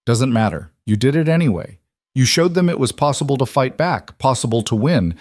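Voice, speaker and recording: A man voicing a calm, quiet cowboy in a western story, speaking in an encouraging tone. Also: mid-range voice, brisk, no room sound, clean studio sound, voice pushed up.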